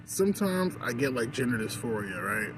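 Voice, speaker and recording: This vlogger rambles through a casual rant in a park, his medium-pitched voice very animated and his pace moderate. Fillers like "like" and "you know" come up constantly. Traffic and general outdoor sound fill a noisy background.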